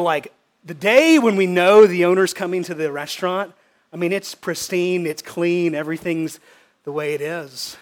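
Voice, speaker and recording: Male pastor, high voice, emphatic sermon delivery with lots of repetition. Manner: emphatic, repeats words for stress.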